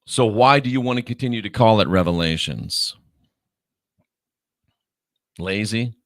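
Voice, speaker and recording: A man's voice: lowish voice, lively intonation, fairly bright tone, no echo. Guy lecturing his audience, scornful, drags out the big words, dry close sound. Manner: scornful, lecturing, stretches key words slowly. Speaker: online show host. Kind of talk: lecturing commentary monologue.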